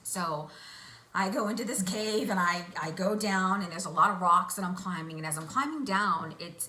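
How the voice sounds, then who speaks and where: A woman guest vividly recounting a hypnosis vision in an interview, excitable as she tells it. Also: on the low side. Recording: echoey room, faint hiss.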